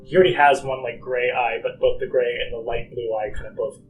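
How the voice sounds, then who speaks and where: A man narrating a tabletop game as game master, dramatic, with many fillers and slowed phrasing for emphasis. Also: mid-range voice, steady tone, faint music behind, rough recording.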